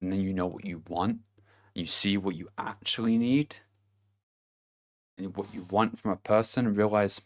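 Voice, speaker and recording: A man's voice: on the low side, steady tone, moderate pace, pauses often. A man giving a casual motivational monologue to camera, blunt and profane, chuckling between his points. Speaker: vlogger.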